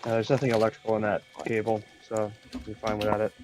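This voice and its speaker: A man's voice: lowish voice, completely flat delivery, fast, darkish tone, a little hiss or hum. A man in a casual group chat, giving plain, matter-of-fact answers.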